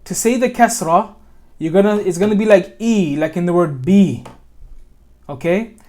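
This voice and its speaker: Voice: medium pitch, mellow. An American tutor giving a one-on-one tajweed lesson, patiently modelling Arabic sounds and checking understanding with a frequent "okay?". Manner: models Arabic sounds slowly, corrects self mid-sentence.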